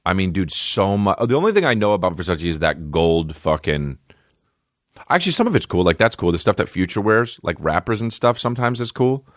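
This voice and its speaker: A man hosting a podcast, talking in a loose, rambling way full of swearing. His voice sits very deep but leaps up and down in pitch. The recording is dry and close, with no room sound. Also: sing-song, brisk, no room sound. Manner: rambling, swears a lot, big jumps in pitch. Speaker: podcast host. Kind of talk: casual chat. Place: home studio with barking dogs nearby.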